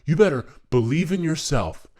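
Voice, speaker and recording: A man voicing a gruff, tough-talking alpha male who gives blunt, bossy orders. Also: on the high side, animated, moderate pace, a little mellow.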